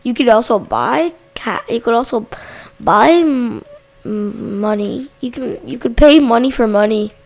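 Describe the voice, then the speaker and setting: A woman with a fairly high voice and a gravelly, fry-laden edge talks slowly through casual let's-play commentary. She chats to her viewers between moments of yelling at game characters. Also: lively intonation. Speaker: gaming channel host.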